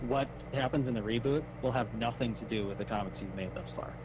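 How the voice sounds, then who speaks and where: A man's voice: mid-range voice, quick pace, highs cut off, noisy background. A man on a recorded call, patiently asking probing questions. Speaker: caller. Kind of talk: recorded phone-call conversation.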